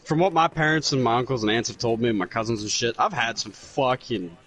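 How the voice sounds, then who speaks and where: A young man chatting over a video game, telling rambling, profane childhood anecdotes with lively quoted voices. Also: medium pitch, quick pace. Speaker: gamer telling stories. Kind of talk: casual chat over gameplay.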